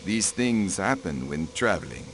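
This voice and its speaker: A haughty aristocratic count. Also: male voice, low voice, sing-song, measured pace, a bit bright, slight background noise, exaggerated voice. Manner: haughty, clipped and dismissive. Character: haughty aristocratic diplomat, cold and protective. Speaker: count and diplomat. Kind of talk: video game voice acting.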